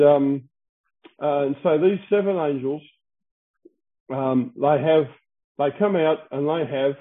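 A man teaching through Bible verses, explaining Greek words, with frequent fillers and restarts. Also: medium pitch. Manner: halting, many fillers and restarts, clears throat. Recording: tinny phone-like audio.

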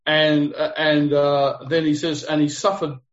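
A man's voice: a little high, flat delivery, measured pace. A man leading an interactive Bible study, explaining the text earnestly and putting questions to his group. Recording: dull lo-fi recording.

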